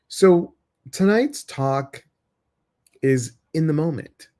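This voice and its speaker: Slow, rambling man hosting a chat. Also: mid-range voice, mellow. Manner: rambling and chatty, with many fillers. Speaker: meditation group host. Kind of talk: casual chat to a live audience.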